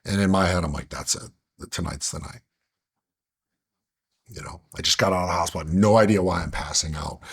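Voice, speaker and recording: Male guest, deep husky voice, earnest, halting storyteller. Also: a bit bright. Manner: earnest, halting, many restarts and fillers. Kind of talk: candid personal storytelling.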